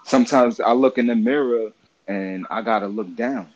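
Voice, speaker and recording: A man co-hosting a casual podcast chat, reflective and soft-spoken, often backing his partner up with short replies. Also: lowish voice, normal speed, lo-fi sound.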